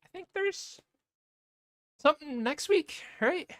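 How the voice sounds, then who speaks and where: A man's voice: very high-pitched, slow, dry recording, clean studio sound. A man co-hosting a podcast, chatting casually and telling stories with lots of laughter and swearing. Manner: animated, laughing, swearing storyteller. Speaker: podcast co-host. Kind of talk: casual chat.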